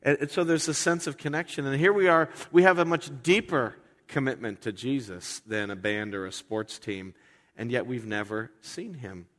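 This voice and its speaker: A man in his forties preaches in a casual, conversational way and slips into lively voices when he acts out quotes. His voice sits at a middle pitch. It carries the long reverb of a large church hall. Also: moderate pace. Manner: conversational, animated with acted-out quotes. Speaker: pastor. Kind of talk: sermon.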